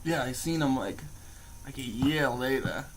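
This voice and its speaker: A man's voice: mid-range voice, a little slow, a little hiss or hum, poor audio. A young man telling a rambling story in casual chat, swearing and saying "like" a lot. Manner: bursts into loud laughing shouts. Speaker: co-host.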